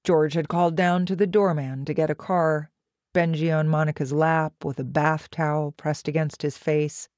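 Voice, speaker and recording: A woman narrating an audiobook with an even, measured reading. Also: deep voice, no echo.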